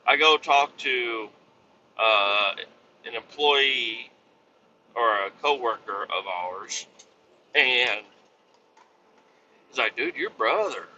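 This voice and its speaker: A man's voice: medium pitch, extremely slow, long pauses, sharp tone, muffled recording, slight background noise. A man in his thirties hosting a podcast, telling stories in a rambling, profane, casual way full of restarts and fillers. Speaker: podcast host. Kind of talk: casual storytelling monologue.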